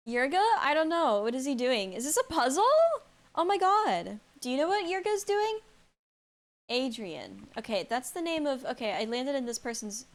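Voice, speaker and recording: A woman live-streaming a game from home into a desk mic, chatting casually, reacting aloud, answering chat and laughing often. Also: on the high side. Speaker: streamer playing a horror game.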